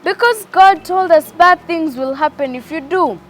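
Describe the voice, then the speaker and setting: A woman voicing an eager, curious first woman in a children's story, speaking in an excited, exclaiming way. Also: very high-pitched, moderate pace, slight background noise, pitched above the performer's own voice.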